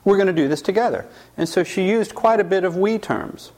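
A man's voice: high-pitched, fairly quick, a little mellow. A man teaching a class, telling a case story and then asking the audience questions. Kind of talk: storytelling lecture.

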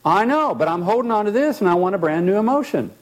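A man's voice: high-pitched, big pitch swings, fast talker, rough recording. A man playing a stubborn, resentful client who insists he is right and refuses to let go. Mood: defiant. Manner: insistent, defensive.

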